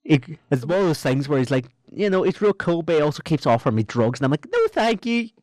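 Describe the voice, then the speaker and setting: Man, podcast co-host, casual chat, lively up-and-down delivery, dry close sound. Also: fast, dry recording. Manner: animated, breaks into squeaky voices for jokes.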